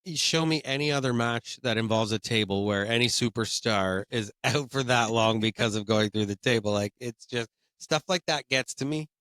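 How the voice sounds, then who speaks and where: A man co-hosting a podcast, a bit sniffly from a cold, his voice sitting at an ordinary middle pitch. He talks haltingly, often restarting his sentences. The recording is dry and close. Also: fairly bright tone, clean tone, no room sound. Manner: hesitant, with frequent ums and self-restarts. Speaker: podcast co-host. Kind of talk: casual chat.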